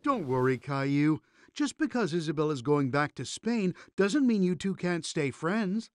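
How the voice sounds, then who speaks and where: A kind, reassuring cartoon dad. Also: male voice, fairly high pitch, a little slow, no room sound, studio quality. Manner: calm and reassuring. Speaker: father character.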